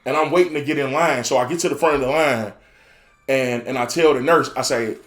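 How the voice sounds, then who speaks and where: A man's voice: medium pitch, fairly quick, roomy sound. A man telling a crude story on a podcast. He talks loosely and casually and keeps filling in with phrases like "you know.". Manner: crude, loose and lively, with many fillers like "you know what I'm saying". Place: podcast studio.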